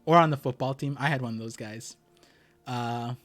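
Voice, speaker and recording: A young man streaming live, reading a comic chapter aloud and reacting with excited exclamations and stammers. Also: mid-range voice, normal speed, soft background music.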